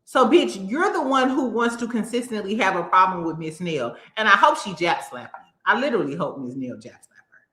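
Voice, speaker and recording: A woman's voice: medium pitch, expressive, a little fast, pushed and bright. Sassy blunt woman in a roomy space. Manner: blunt, sassy, cursing, mocking impressions. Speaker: reality TV commentary host. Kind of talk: casual opinionated commentary.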